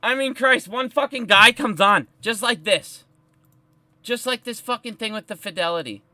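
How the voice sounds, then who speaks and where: Male live streamer, fired-up and swearing constantly, with a forceful voice in a dry room. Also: sits high, moderate pace, dry recording. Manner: heated, profane and emphatic. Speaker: stock market live streamer.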